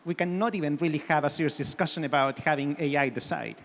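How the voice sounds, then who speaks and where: A man with a fairly high voice talks through a point on a conference panel, hedging with frequent fillers and self-corrections. His voice carries a long reverb from the hall. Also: fast, vocal fry. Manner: hedging, many "you know" fillers. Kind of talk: panel discussion.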